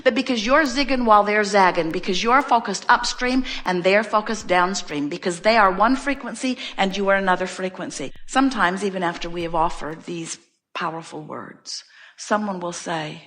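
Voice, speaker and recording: A woman delivers a spiritual teaching talk in a bright, clear voice, leaning hard on repeated phrases. She tells her stories with lively emphasis, as an inspirational speaker addressing a crowd. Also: mid-range voice, moderate pace. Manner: animated storyteller acting out everyday scenes.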